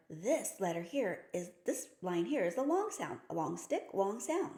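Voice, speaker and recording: In an echoey room, a woman with a fairly low, warm voice teaches phonics to an audience of teachers and parents. This reading teacher stays patient and cheerful, leans on playful terms meant for kids, and answers her own questions.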